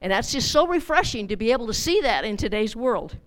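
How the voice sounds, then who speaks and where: A woman's voice: fairly high pitch, sing-song, brisk. Chatty middle-aged woman teaching the Bible. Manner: chatty, repeats words, acts out voices.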